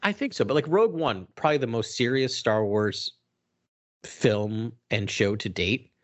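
A man co-hosting a casual podcast chat, animated and self-deprecating with quick laughs. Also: mid-range voice. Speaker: podcast co-host.

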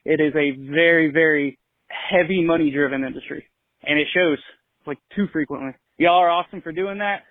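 A man's voice: fairly high pitch, fairly quick, no room sound. Laid-back young man on a tinny phone line. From California. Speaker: caller. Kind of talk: voicemail to a podcast.

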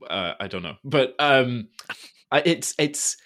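A man hosting a podcast in casual chat, animated and quick to laugh, with hesitant restarts. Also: medium pitch. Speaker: podcast host.

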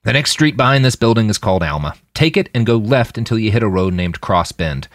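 A man's voice: lowish voice, animated, brisk, no room sound, studio quality. A man voicing a brash, cheerful, crude post-human fighter who barks orders flippantly. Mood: cheery.

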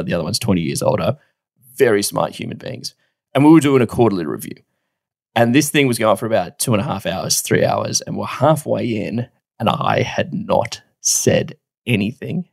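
A man, co-hosting a podcast and telling a story in a casual, animated way, swearing now and then and laughing often. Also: fairly low pitch, vocal fry, no echo, studio quality. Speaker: podcast co-host.

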